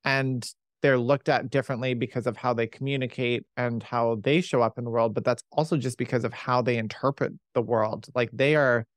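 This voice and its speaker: A man hosts a podcast and chats easily, backing up his guest with quick agreement. His voice sits in an ordinary middle register, recorded close and dry. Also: medium pitch, fairly even intonation, no room sound. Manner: supportive, chatty listener. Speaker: podcast host. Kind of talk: casual conversation.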